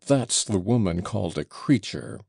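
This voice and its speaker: A man voicing a shrill, blustering old male buffoon who yells and splutters breathlessly. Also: animated, normal speed, vocal fry, breathy edge, no echo, clean studio sound, full character voice. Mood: ranting.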